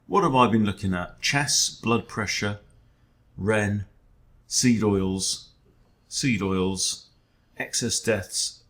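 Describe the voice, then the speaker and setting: A man's voice: lowish voice, slow pace, fairly bright tone. A man, a chess coach, thinking aloud during an online game in a wry, self-deprecating way, often muttering to himself.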